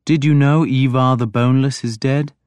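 Audiobook figure: a stern, shrewd king speaking in a measured voice a few steps above his usual register, put on by the male narrator. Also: medium pitch, steady tone, darkish tone, clean tone, dry recording, pitched above the performer's own voice, close to an everyday voice. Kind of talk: audiobook character voice.

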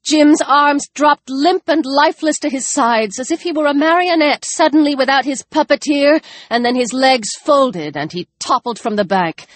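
A woman narrating a tense, dramatic novel, dropping her voice low for grim moments. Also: normal speed, hardly any pauses, no echo. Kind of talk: audiobook narration.

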